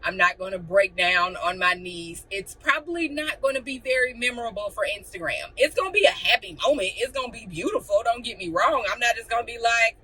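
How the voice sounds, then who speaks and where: Young woman, blunt, animated, bright voice, faint room noise. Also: fairly high pitch, fairly quick, few pauses, distant mic, poor audio. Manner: blunt, animated, acts out quotes. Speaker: vlogger. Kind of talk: casual chat to camera.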